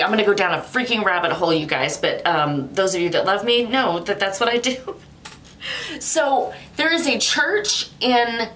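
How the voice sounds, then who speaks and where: Rambling chatty woman with lively pitch. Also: slight background noise. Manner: rambling, chatty, laughs often, swears casually. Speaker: vlogger. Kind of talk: casual unboxing chat.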